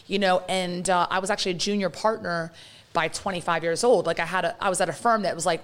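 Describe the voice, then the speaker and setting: A woman from London in her thirties, talking fast and loosely with lots of fillers as a guest in a casual interview. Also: fairly low pitch, clean tone. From London, England. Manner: talkative, fast storytelling with many fillers.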